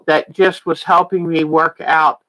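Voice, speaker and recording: A woman's voice: sits low, level tone, a little slow, fairly bright tone, poor audio. A woman in her sixties, a quilting teacher on a casual livestream, chatty and laughing often, a little tired and yawning. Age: 60s.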